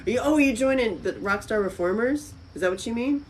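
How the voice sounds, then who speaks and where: A woman hosting a live stream from a friend's house, chatting casually with viewers, with loud exclamations and soft asides. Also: a little high, lively intonation, fast, slight background noise, poor audio.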